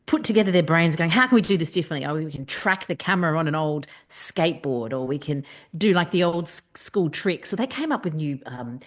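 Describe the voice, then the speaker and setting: Middle-aged woman, Australian accent, lowish voice, very animated pitch, jokey podcast co-host. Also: fairly quick. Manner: lively, jokey, uses Aussie slang. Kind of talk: casual chat.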